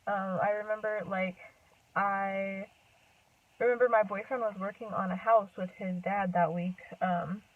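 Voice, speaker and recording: A woman's voice: medium pitch, fairly even intonation, unhurried. A young woman telling a personal story to her camera in a rambling, chatty way, full of "like" and "um" and frequent laughs. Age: young adult. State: a bit out of breath. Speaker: vlogger. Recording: distant tinny phone-like sound.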